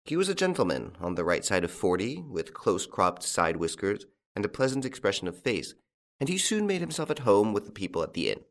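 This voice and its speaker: A male audiobook narrator with a lowish voice that rises and falls animatedly. He tells the story in an expressive, storyteller's manner. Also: a little fast.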